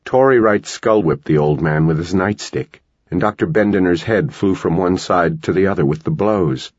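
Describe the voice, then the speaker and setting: A man narrating a tense novel in steady storytelling, in a dull lo-fi recording. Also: low voice, moderate pace, slightly rough, no echo. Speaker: audiobook narrator. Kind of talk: scripted narration.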